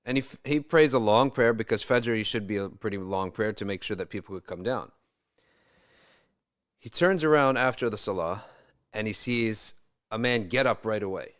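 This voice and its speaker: A man with a fairly low voice tells a religious story to listeners. He talks casually and conversationally, breaking off to restart phrases and add quick asides. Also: fairly bright tone. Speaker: religious teacher. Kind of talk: storytelling talk.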